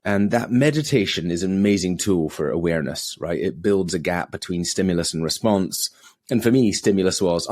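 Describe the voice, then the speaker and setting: A middle-aged man, a podcast guest, telling his story in a relaxed conversational way and acting out quoted voices. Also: normal speed, no room sound, clean studio sound. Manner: acts out quoted voices with big pitch jumps.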